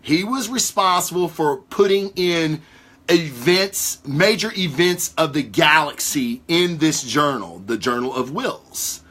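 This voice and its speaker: Excitable, profane man rambling theories. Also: on the high side, slow. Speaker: podcast host. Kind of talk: casual theory talk to a live chat.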